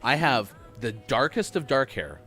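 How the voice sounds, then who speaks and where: Male morning radio host, middle-aged, jokey chat, lively pitch, faint music behind. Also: unhurried. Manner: chatty, jokey, reads facts aloud.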